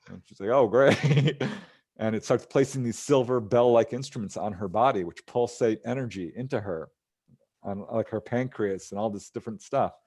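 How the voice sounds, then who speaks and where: A ufologist appearing as a guest recounts a case in casual interview talk, voicing the people he quotes and chuckling along the way. His voice is lowish and mellow at a normal speed.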